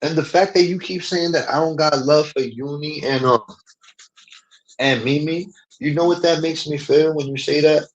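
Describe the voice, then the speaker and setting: A man's voice: a little high, moderate pace, dull audio. Profane, ranting man streamer. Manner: profane, emphatic, repetitive fillers. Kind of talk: heated casual rant.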